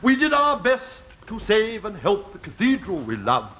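An actor playing a pompous, flustered bishop in a 1960s studio sitcom, on a muffled old TV recording with faint hiss. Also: male voice, sits high, wildly swooping pitch, normal speed, fairly bright tone, heavily acted. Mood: anguished. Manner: pompous, flustered, grandly quoting scripture. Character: pompous fussy middle-aged male bishop.

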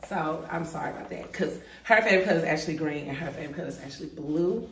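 A woman's voice: deep voice, rapid-fire, a little hiss or hum. A woman in her thirties hosting a vlog, chatting casually and laughing with friends. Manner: lively, laughing, Southern-tinged slang. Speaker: vlog host. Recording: echoey room, mic far off.

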